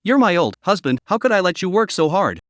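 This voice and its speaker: A man's voice: sits high, big pitch swings, brisk, fairly bright tone, no room sound, studio quality, voice pushed up. A man voicing an affectionate, shy young wife in a storybook recap.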